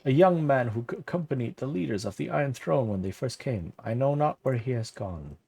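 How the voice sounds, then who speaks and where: A man voicing a kindly old monk who protects a young ward, reading the old-fashioned dialogue aloud softly. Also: medium pitch, expressive, a little fast, gravelly, slightly rough. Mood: gentle.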